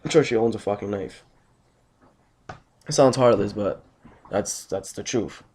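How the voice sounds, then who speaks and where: A man's voice: lowish voice, a little slow, darkish tone, slight background noise. A young man just out of bed, telling a story on his vlog in a blunt, rambling, heavily profane way. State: just woken up, tired. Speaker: vlogger.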